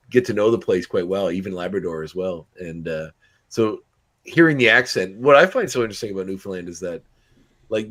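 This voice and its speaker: A man hosting a podcast interview, chatting casually and halting often with restarts. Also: sits low, fairly bright tone. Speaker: podcast host.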